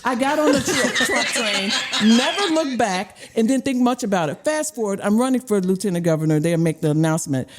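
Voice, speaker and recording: A middle-aged woman from Illinois, a former candidate and radio host, telling stories in casual chat, laughing often and acting out quotes with big jumps in pitch. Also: animated, fairly quick, hardly any pauses, heavy background noise. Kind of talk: animated storytelling in casual chat.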